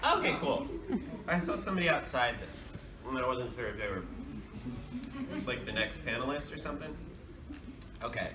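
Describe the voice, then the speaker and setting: A man's voice: mid-range voice, big pitch swings, normal speed, pauses often. A man, a voice actor, answering fan questions at a convention panel in a rambling, chatty way with frequent laughs. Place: large convention hall. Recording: echoey hall, distant mic, noisy.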